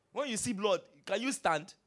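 Pastor mid-sermon; very animated, questioning, drops low then erupts. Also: unhurried. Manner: preachy, rhetorical questions, swings from hushed to shouting.

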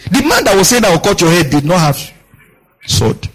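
Brisk and sing-song, his voice is a bit bright with a breathy edge, heard over faint background music in poor audio. The pastor quizzes his congregation, drives home key lines by repetition, and performs the figures in his stories with dramatic pitch leaps.

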